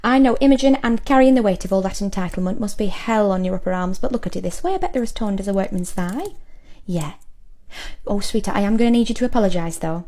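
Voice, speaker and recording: A woman's voice: medium pitch, animated, quick pace, warm tone, lightly acted. A woman playing a brash middle-aged hotline auntie, who coos sweetly at callers and then tears into rude customers with elaborate insults. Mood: scolding. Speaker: hotline operator. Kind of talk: comedy sketch character monologue.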